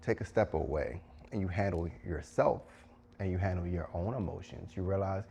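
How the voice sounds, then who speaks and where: A man's voice: deep voice, moderate pace, vocal fry, mellow, highs cut off. A man giving emphatic, preachy advice to teachers, repeating phrases for stress. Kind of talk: direct-to-camera advice talk.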